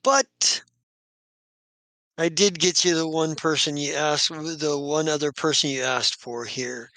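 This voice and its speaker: A man's voice: on the high side, steady tone, slow pace, pushed and bright, dry recording, exaggerated voice. A man doing a shrugging, resigned fixer. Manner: resigned, offhand.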